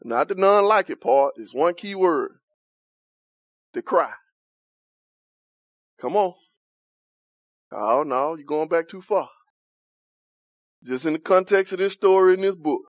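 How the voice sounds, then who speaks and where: A man's voice: on the high side, takes it slowly, pauses often, dry recording, dull audio. A man leading an interactive Bible study, talking conversationally, questioning the group and laughing often.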